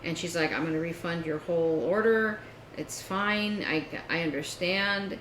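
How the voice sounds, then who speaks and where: A woman's voice: fairly low pitch, moderate pace. A woman co-hosting a casual chat, telling a story and acting out a phone call. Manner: animated storytelling, acts out phone calls. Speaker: podcast co-host. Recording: echoey room with faint noise.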